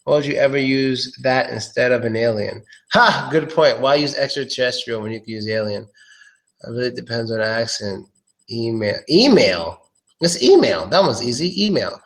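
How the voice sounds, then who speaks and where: Casual man drilling pronunciation. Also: mid-range voice. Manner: relaxed, repeats words slowly, swears casually. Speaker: English pronunciation tutor. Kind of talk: casual live-streamed pronunciation lesson.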